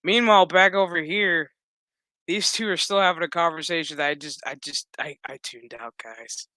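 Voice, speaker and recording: Bright-voiced man recapping casually. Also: fairly high pitch, moderate pace, dry recording. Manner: rambling, profane, animated. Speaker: host.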